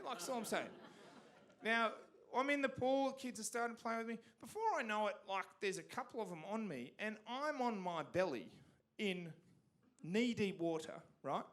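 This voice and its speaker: Aussie bloke doing stand-up, high bright voice, swears a lot, rambles. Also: male voice, normal speed. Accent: Australian. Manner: animated, rambling, profane. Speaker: stand-up comedian. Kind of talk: stand-up comedy storytelling. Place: community theatre stage.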